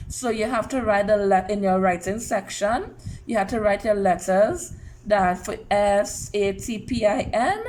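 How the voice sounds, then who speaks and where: A woman teaching a phonics lesson to young children, sounding out letters slowly and clearly and praising them. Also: mid-range voice, a little mellow, low-quality recording.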